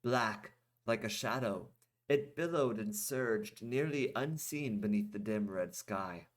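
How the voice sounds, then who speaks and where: A man reading his own fantasy story aloud as a storyteller, expressive, and breaking now and then into casual asides. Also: on the low side, slow pace. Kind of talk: storybook narration.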